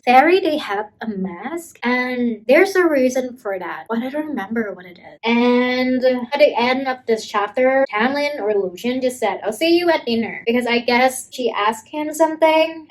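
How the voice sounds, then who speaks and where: Young female book vlogger, slightly high voice, casual and joking, loose rambling delivery. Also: rough recording. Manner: rambling, jokey, unsure of details. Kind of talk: casual chatty book recap.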